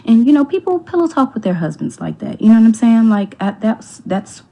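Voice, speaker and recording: A woman's voice: on the high side, sing-song, brisk, creaky, warm tone, low-quality recording. A woman telling a personal story in casual talk, speaking candidly, quoting others and swearing freely, often dropping almost to a whisper. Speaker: storyteller in a clip.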